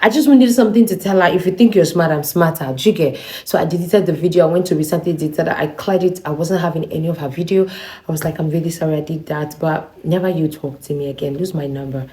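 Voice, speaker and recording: A woman's voice: low-pitched, fast talker, dark tone. A young woman vlogger telling a personal story to her viewers, acting out both sides of a quarrel. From Nigeria. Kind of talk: storytelling to camera.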